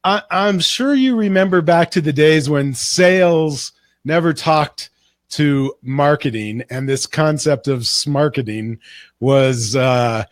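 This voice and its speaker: A man interviewing guests in a livestream, asking questions in a relaxed way with small restarts. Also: on the high side, slow, no room sound. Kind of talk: casual interview.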